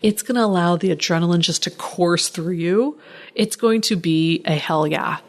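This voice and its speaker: A woman hosting a solo podcast, talking in an animated way, ranting at times and laughing often. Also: lowish voice, normal speed. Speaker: podcast host.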